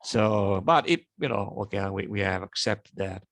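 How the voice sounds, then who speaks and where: A man's voice: on the low side, lively intonation, normal speed, gravelly, a bit bright, no room sound. A man with an Italian accent, talking in a casual online meeting, hesitant with many fillers and restarts. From Italy.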